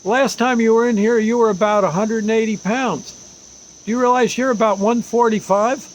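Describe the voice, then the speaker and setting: An older man in his seventies voicing a blunt, bossy ex-Army doctor who gives folksy, gruff orders. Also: high voice, fairly even intonation, normal speed, slight background noise, voice pushed up, lightly acted, poor audio.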